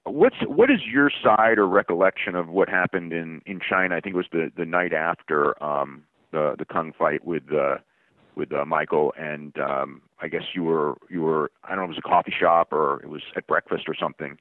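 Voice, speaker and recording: A man's voice: very deep voice, normal speed, no echo. A man reporter asking a rambling, hesitant question on a press conference call, heard over a phone line. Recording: tinny dry phone line from far off.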